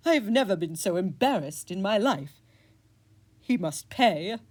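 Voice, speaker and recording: A woman's voice: medium pitch, animated, measured pace, a little mellow. A woman voicing an indignant, vengeful male talking cat who talks in a huffy, dramatic way.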